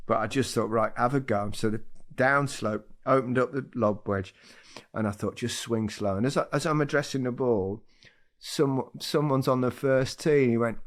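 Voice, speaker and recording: An older man co-hosting a casual football chat, telling lively stories and laughing often. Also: mid-range voice, normal speed. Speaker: podcast co-host.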